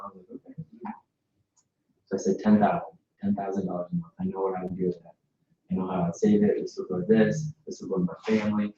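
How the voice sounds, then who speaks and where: A fairly low-voiced man talks to a group at an indoor business mixer, joking and fired up as he urges them to set goals. He is picked up from a distance, so the sound comes through dull and hollow with heavy room echo. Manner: energetic, joking, quick asides. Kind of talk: motivational talk to a group. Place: indoor event space.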